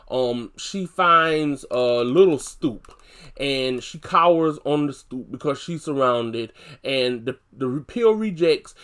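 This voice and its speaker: Chatty man recapping a TV episode. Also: on the high side. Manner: chatty, fillers, gets animated retelling scenes.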